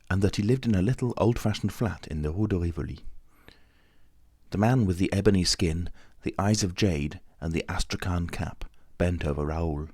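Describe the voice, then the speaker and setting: A man narrating a classic novel as an audiobook in a steady, even storytelling manner. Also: low voice, no echo, clean studio sound. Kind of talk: scripted narration.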